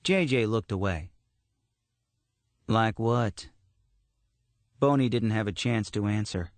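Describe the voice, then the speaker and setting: A man narrating a horror story audiobook in a steady, measured storytelling manner. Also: on the low side, no echo.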